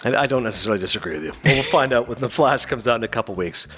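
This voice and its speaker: Fast-talking animated male podcast host. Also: medium pitch, husky. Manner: animated, acts out voices in anecdotes. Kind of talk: casual storytelling chat.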